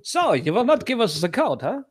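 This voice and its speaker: A man's voice: extremely high pitch, huge pitch swings, moderate pace, breathy edge, dry recording, studio quality, pitched above the performer's own voice, exaggerated voice. A man voicing a menacing German officer from an old war film in a mock accent over a video call. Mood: mock menace. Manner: villainous mock-German threats, giggling through them.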